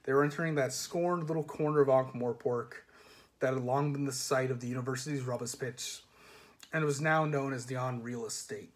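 A man reading a novel aloud in steady, measured narration. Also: mid-range voice. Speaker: reader. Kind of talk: audiobook-style reading of a novel.

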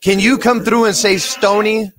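A man with a high-pitched voice leads a spirit box session. He asks the spirits slow, hushed questions and reports the words that come through, and now and then breaks into excited shouts. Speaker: paranormal investigator.

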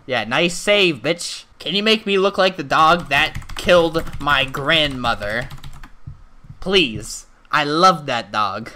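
A man narrating his gameplay in a crude, sarcastic comic tone. His voice is sharp and bright, and it jumps into loud mock-panicked shrieks. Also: on the high side, animated, slow. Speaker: gaming video host.

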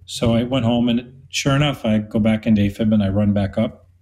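A man's voice: lowish voice, steady tone, a little fast, a little mellow, rough recording. A man in his fifties, an interview guest giving an earnest personal testimony and acting out the dialogue he quotes. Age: 50s.

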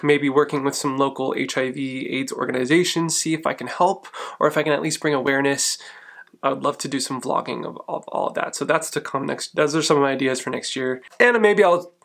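A man in his thirties casually telling stories to the camera in a chatty, animated way, laughing often. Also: mid-range voice, moderate pace, creaky. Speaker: vlogger. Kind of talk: casual vlog storytelling.

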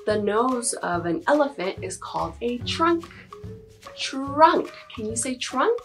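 A woman in her thirties leads a bilingual toddler lesson with a sing-song, slow delivery. Her high voice leaps up and down as she makes animal noises and sneezes. Soft music plays faintly underneath. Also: big pitch swings. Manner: mixes English and Spanish. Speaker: preschool teacher. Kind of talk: toddler circle-time lesson.

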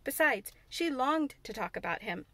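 A woman reading a classic children's novel aloud in steady, clear narration. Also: high-pitched, moderate pace, no echo. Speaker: audiobook reader. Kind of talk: scripted narration.

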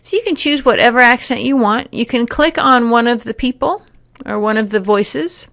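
A woman narrating a software tutorial, explaining each step plainly with occasional fillers. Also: fairly high pitch, normal speed, creaky. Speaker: teacher giving a software tutorial. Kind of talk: screen-recorded tutorial narration.

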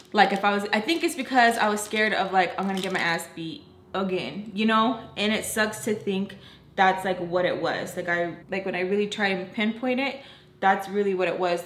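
A woman's voice: mid-range voice, a bit bright. A young woman vlogger telling a casual story, frank and profane, with lots of fillers. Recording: roomy echo.

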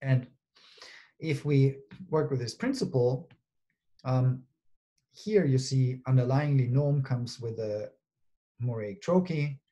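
Man giving a relaxed academic presentation. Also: mid-range voice, slow, long pauses, lo-fi sound. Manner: explanatory, with frequent fillers and "right?" checks. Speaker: linguistics researcher presenting a talk.

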